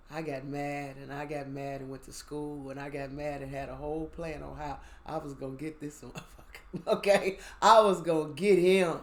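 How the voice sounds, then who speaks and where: A woman sharing a candid spiritual reflection, telling her story emphatically with sudden bursts of loudness. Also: low-pitched. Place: outdoors.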